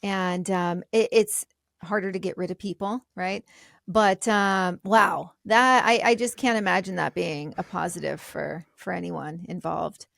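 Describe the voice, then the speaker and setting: A woman co-hosting a podcast, chatty and quick to react and laugh. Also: on the low side, steady tone, vocal fry, fairly bright tone, no room sound, studio quality. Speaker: podcast co-host. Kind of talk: casual podcast talk.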